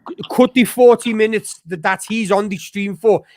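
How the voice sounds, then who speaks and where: High-voiced, profane man ranting. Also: fairly even intonation, normal speed, darkish tone, dry recording. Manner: rambling, profane, with frequent restarts. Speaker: streamer host. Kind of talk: casual chat.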